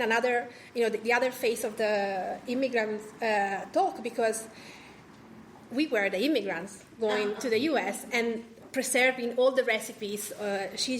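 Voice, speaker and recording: An Italian food writer and podcast host speaks with an Italian accent on a live panel in a cultural association's event room, chatty and full of fillers and restarts. Her voice is a little high and a bit bright, with a slight hiss or hum in the audio.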